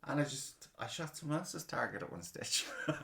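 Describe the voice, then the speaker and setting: A man's voice: mid-range voice, brisk, creaky. A man hosting a podcast, chatting casually, swearing freely and mocking himself. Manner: swears freely, animated and self-mocking, with frequent laughs. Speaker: podcast host. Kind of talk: casual chat. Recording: roomy echo.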